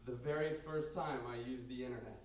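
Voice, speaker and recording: A young man from Canada doing a crude, rambling stand-up set in a basement bar, with sudden loud outbursts. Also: medium pitch, fairly even intonation, a little fast. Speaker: stand-up comedian. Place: basement bar comedy night. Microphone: handheld stage mic recorded by a camera in the room. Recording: very echoey basement room, heard from a distance.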